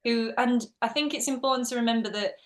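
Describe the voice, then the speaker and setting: A woman's voice: fairly high pitch, quick pace. A woman with an Essex accent, a drama teacher and actress, chatting as a guest in a podcast interview and acting out her students' lines. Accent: Essex English. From England. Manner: chatty and expressive, acts out quotes from students.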